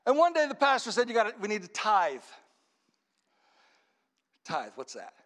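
A man preaching a sermon, telling a story dramatically, his voice swinging from hushed to shouting. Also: sits high, animated, brisk.

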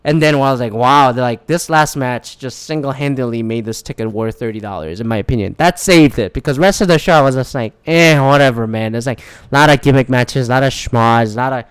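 In a smooth mid-range voice, a little fast and free of room sound, a man casually rants about a live wrestling show. He curses often and acts out people's quotes with animated energy.

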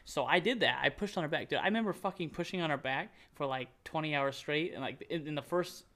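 A man telling a long story as a podcast guest, animated, cursing often and restarting his sentences. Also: a little high, fast. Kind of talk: casual storytelling chat.

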